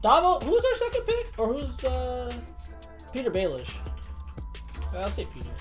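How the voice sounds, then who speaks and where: A woman streaming a game, chatting casually, excitable, swearing and laughing often. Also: sits high, normal speed, faint music behind. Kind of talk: casual gaming commentary.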